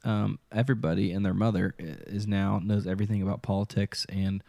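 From the U.S. Midwest, this podcast co-host rambles through a casual chat, hesitant and full of ums. He talks briskly in a fairly low, dark voice with vocal fry and little pitch movement, and there's no room sound.

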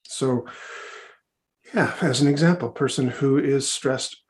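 A man's voice: medium pitch, takes it slowly. A man working as a hypnotherapist, answering interview questions in a chatty, rambling way with many restarts and asides, over a video call.

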